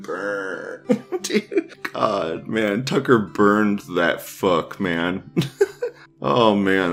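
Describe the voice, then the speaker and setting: A man's voice: low-pitched, fairly bright tone. A man hosting a casual stream, reading forum posts aloud, profane and offhand, laughing often. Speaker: livestream news host.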